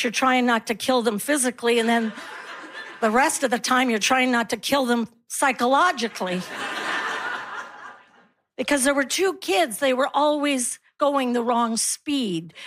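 High-voiced woman doing stand-up. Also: a bit bright. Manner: wry storytelling, acts out quoted voices. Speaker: stand-up comedian. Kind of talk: stand-up comedy set.

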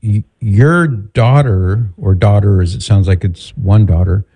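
Calm, low-voiced radio host. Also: male voice, husky. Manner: calm, measured, counseling. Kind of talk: call-in radio talk.

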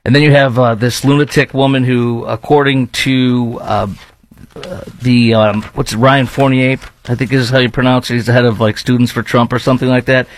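A man's voice: mid-range voice, little pitch movement, moderate pace, poor audio. Blunt Chicago man ranting. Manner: blunt, scornful, rambling with fillers. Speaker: commentary host. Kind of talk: ranting opinion commentary.

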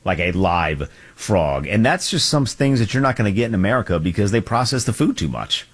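A man co-hosting a podcast, telling a funny story in a relaxed, joking way and slowing down for punchlines. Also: fairly low pitch, breathy edge. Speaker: podcast co-host. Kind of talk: casual chat.

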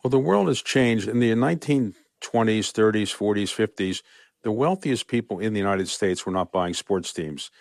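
Low-voiced older man in a dry interview. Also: moderate pace, vocal fry, dry recording. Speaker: interview guest, team owner. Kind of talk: radio interview.

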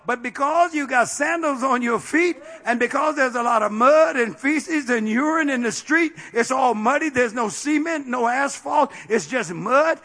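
A middle-aged male pastor preaching a fervent sermon, peppering his phrases with amen and building up to shouts. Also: very high voice, normal speed, few pauses.

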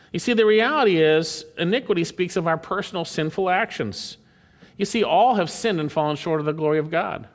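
A man preaching a sermon, emphatic, lifting his voice to quote scripture and dropping it low to drive points home. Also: a bit bright. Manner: emphatic, swings between raised and dropped voice, quotes scripture in a lifted tone.

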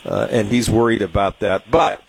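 A man's voice: on the low side, steady tone, normal speed, vocal fry, slight background noise, low-quality recording. A man from Southern California with a San Diego accent, hosting a radio talk show and chatting about markets in a rambling way, full of fillers. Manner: rambling, many fillers and restarts. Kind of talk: casual market commentary.

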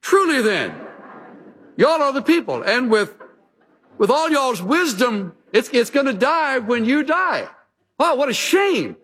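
A man doing Job, sarcastic suffering old man, mocking tone, high raised voice, big swooping pitch. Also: very animated, measured pace, a bit bright, breathy edge, full character voice.

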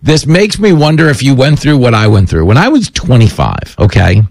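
Gravelly-voiced joking male talk host. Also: mid-range voice, sing-song, moderate pace, a little mellow, no room sound. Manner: joking, self-deprecating banter. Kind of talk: casual interview chat.

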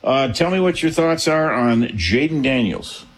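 A man's voice: mid-range voice, animated, measured pace. A man hosting a call-in sports radio show, affable and chatty, often repeating his first words as he starts a thought.

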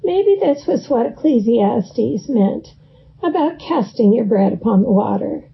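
Woman narrator, slow gravelly delivery, wry first-person memoir read, muffled lo-fi sound. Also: on the high side, expressive, slight background noise. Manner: wry, dry storytelling. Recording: dull lo-fi recording.

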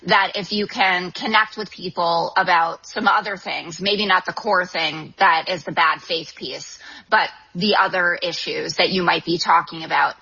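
A woman in her thirties speaks as a political commentator, assertive and articulate, with a bright, forceful edge to a slightly husky voice. Her pitch sits a little low for a woman. The broadcast sound is dull and lo-fi. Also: steady tone, measured pace. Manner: articulate and assertive, frequent "um" fillers. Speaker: guest author and TV political commentator. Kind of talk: call-in interview answers.

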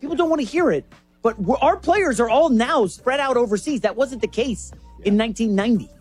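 A co-host on a sports talk show, chatty and animated, setting up topics. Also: medium pitch, breathy edge, soft background music. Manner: chatty, animated, quick asides.

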